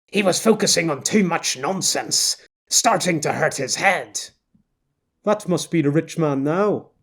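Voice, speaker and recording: A male audiobook narrator with a husky, slightly breathy voice, sitting a touch above the usual male range. He reads in a measured, intense way. The narration is scripted and steady. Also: fairly high pitch.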